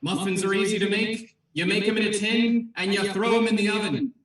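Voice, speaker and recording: High-voiced man, grand mock oratory. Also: flat delivery, brisk, a bit bright. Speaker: improv player arguing for croissants. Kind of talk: mock courtroom argument. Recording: roomy echo, distant from mic.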